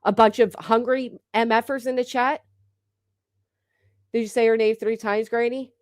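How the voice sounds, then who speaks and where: A woman's voice: on the high side, steady tone, normal speed, no room sound, clean studio sound. A woman in her thirties hosting a livestream, bantering casually with her chat in a brash, teasing way and swearing freely. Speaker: livestream host.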